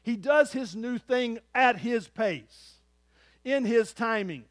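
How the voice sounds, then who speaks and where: A man delivers a sermon in a high-pitched voice. His delivery swings from loud, emphatic lines to quiet, hushed asides. The sound is dry and close, with no room echo. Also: expressive, slow. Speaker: pastor.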